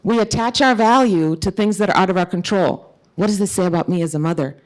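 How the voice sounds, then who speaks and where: A middle-aged author and speaker with a fast, mid-range voice gives an earnest, emphatic conference talk built around a personal story.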